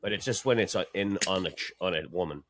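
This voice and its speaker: Low-voiced Boston man cracking wise. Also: noisy background. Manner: wisecracking, profane, quick asides. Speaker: podcast co-host. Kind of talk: casual sports banter.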